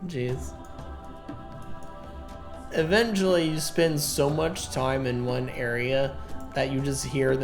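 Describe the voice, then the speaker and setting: Slow, rambling game streamer. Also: medium pitch. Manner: rambling, hums and mumbles to self. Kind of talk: casual gameplay commentary. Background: game music.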